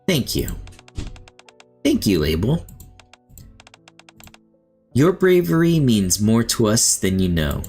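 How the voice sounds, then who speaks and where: A man voicing a kind young woman who speaks softly and tenderly. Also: lowish voice, big pitch swings, slow pace, pauses often, slightly rough, soft background music, heavily acted.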